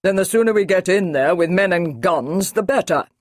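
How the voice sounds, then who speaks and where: A woman's voice: lowish voice, lively intonation, normal speed, no echo, studio quality, pitched above the performer's own voice. A woman reading an audiobook, voicing a stern male army brigadier who talks in a firm, clipped, commanding way.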